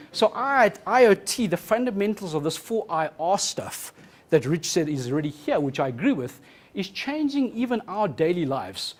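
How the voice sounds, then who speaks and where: A man giving a fast, joking live keynote talk as a futurist, quizzing the audience from a conference stage. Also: fairly high pitch.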